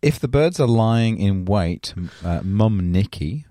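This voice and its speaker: A man co-hosting a podcast, reading odd news stories aloud and laughing at them. His low voice swings widely in pitch. The sound is dry and close. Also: lively intonation, measured pace, dark tone, dry recording. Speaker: podcast co-host.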